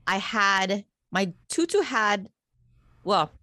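A middle-aged woman co-hosting a podcast, telling animated stories in casual chat, swearing freely and checking in with her listeners as she goes. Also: mid-range voice, takes it slowly, dry recording. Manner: animated storyteller, swears freely, keeps checking in with "okay?" and "right?". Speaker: podcast co-host.

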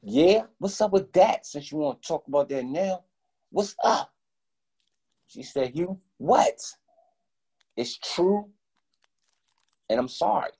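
A man guest telling a story in casual talk, animated and profane, acting out both sides of each conversation. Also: a little high, slow pace, gravelly, pauses often, husky.

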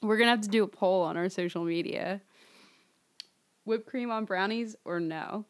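A woman's voice: medium pitch, normal speed. A woman co-hosting a podcast, telling stories in casual chat, chatty with frequent laughs and fillers. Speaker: podcast co-host.

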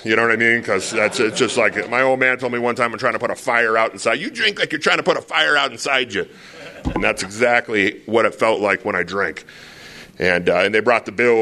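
A man speaks to a crowded room in a bright, forceful voice that sits on the low side. He tells his story candidly, mocks himself and jokes along the way, and wanders into asides before coming back to the point. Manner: self-deprecating, joking, storytelling with rambling asides. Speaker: speaker at a recovery retreat. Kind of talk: candid personal talk to a crowd.

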